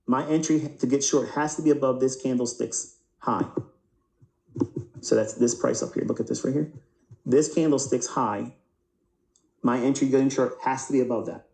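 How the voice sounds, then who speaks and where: At normal speed, a trading instructor with a gravelly, mellow, low-brightness voice leads a live chart lesson, pausing often. He asks himself questions and answers them, repeating words and restarting mid-sentence. The audio is roomy and echoing.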